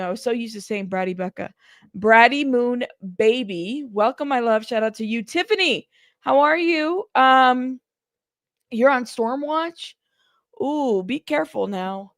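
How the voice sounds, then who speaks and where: A woman's voice: high voice, creaky, no echo, clean studio sound. A woman hosting a casual news livestream, chatty and greeting her viewers one by one by name.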